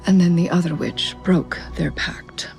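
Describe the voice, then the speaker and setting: An actress in a TV series telling a grim legend in a grave, sometimes hushed tone. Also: female voice, fairly low pitch, steady tone, a little slow, vocal fry. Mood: ominous. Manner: grave storytelling tone, hushed at times. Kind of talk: scripted TV dialogue. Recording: TV clip with music behind.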